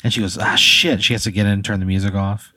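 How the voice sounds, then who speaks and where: Low-voiced man spinning a rambling comedy story. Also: little pitch movement, racing, a bit bright, dry recording. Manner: loose, rambling delivery with frequent "right?" check-ins. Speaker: podcast co-host posing a hypothetical.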